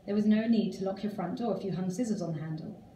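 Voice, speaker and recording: A woman's voice: medium pitch, quick pace, warm tone, slight background noise. Woman reading her story in an echoey room. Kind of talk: reading fiction aloud. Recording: roomy, distant live reading.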